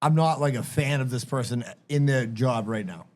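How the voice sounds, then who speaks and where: A man co-hosting a podcast in casual chat, enthusiastic and quick to laugh and agree. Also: mid-range voice, darkish tone. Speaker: podcast co-host.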